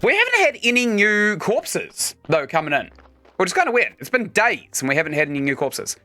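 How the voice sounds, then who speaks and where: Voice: mid-range voice, very animated, fairly quick, bright, forceful tone. A game streamer giving casual let's-play commentary, chatting and explaining mechanics while playing.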